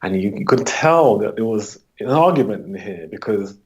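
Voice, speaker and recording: Man, from the UK, low voice, husky, interview guest, acts out dialogue. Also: animated, normal speed. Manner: acts out client dialogue with rising pitch. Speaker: coach. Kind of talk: interview answer, storytelling.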